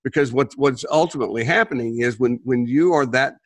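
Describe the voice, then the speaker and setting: Casting: male co-host, halting restart-heavy talk, close dry sound. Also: mid-range voice, no echo. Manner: rambling, many restarts and repeated words. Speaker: therapist podcast co-host. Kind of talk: casual conversation.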